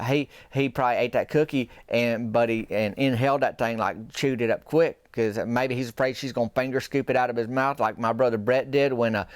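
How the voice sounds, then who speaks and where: Man, deadpan rambling storyteller, folksy, smooth clear voice, dry close sound. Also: medium pitch, no echo. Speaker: comedian storyteller.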